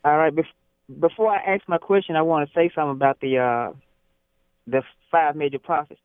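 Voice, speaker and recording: A male caller on a thin phone line. His voice sits a bit high, and he talks in an easygoing, folksy way while asking a trivia question. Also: fairly even intonation, a little fast, smooth, no echo. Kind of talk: phone-in call.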